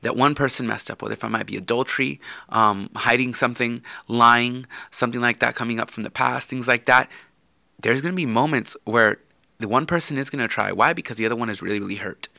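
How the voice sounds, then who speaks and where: A man with a gravelly, bright and tense voice, speaking earnestly as he gives advice on a relationship podcast. The sound is dry and close, with no room around it. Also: medium pitch, a little fast, dry recording. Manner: earnest, advising, repeats words. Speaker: podcast co-host. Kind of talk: casual chat.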